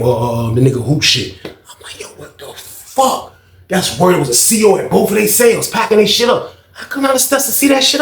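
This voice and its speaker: A man telling a story in a casual, profane, animated way, acting out what others said. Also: mid-range voice, creaky, echoey room. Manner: animated, profane, acts out quoted speech.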